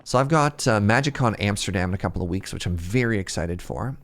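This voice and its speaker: He's a fast-talking young Canadian with a lowish, expressive voice, streaming Minecraft and casually chatting with viewers while he builds. He thinks out loud and teases himself along the way.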